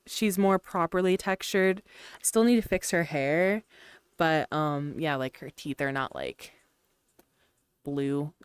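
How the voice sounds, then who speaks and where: A woman's voice: lowish voice, clean tone, no echo. A young adult woman chatting casually on a VR stream, greeting viewers and giggling often. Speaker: VRChat streamer.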